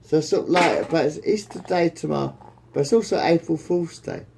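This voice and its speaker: Gravelly, rambling man telling a joke. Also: on the high side, fairly quick, background noise. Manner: rambling, keeps restarting the joke, swears freely. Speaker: joke teller. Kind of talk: casual joke telling among friends.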